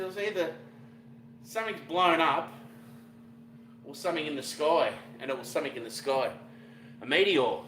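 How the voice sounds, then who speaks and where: A man's voice: on the high side, a bit bright, reverberant, slight background noise. A middle-aged Australian man chatting casually on a livestream while cooking, rambling and greeting viewers with slang. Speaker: fishing vlogger cooking on a livestream.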